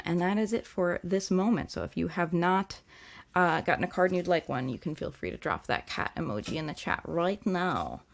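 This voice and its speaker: A young woman hosting a live-stream tarot reading, talking gently and chattily with many fillers. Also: on the low side, creaky. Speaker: tarot reader and livestream host.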